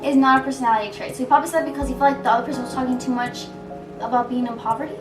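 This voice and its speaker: A young woman co-hosting a casual chat show, blunt and quick with sarcastic remarks. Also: sits high, fairly even intonation, recorded from a distance. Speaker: podcast co-host. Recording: echoey room, voice off-mic, music behind.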